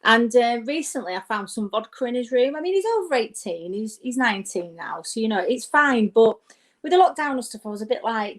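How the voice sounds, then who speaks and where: A woman's voice: on the high side, lively intonation, fairly quick. A middle-aged woman performing a rambling, self-mocking stand-up set from home into a laptop mic. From United Kingdom. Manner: chatty, rambling, self-mocking with frequent asides. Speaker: stand-up comedian. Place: home during lockdown. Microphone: webcam or laptop mic.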